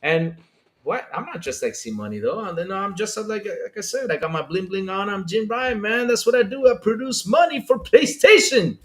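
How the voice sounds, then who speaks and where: High-pitched guy hosting a gaming podcast, jokey, keeps saying brother. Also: moderate pace. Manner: joking, animated, calls everyone brother. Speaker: podcast host. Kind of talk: casual gaming podcast chat.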